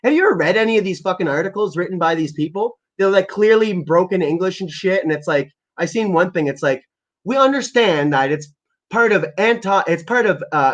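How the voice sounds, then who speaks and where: A man's voice: fairly high pitch, a bit bright, dull audio. A man ranting live on a stream, swearing heavily in an aggressive, rambling way. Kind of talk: profane livestream rant.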